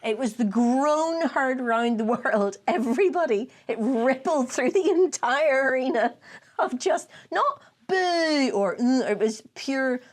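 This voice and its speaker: A woman's voice: high-pitched, animated, unhurried. A Northern Irish woman co-hosting a podcast, chatting casually, laughing often and swearing as she acts out what people said. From Northern Ireland. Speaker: podcast co-host. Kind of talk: casual chat.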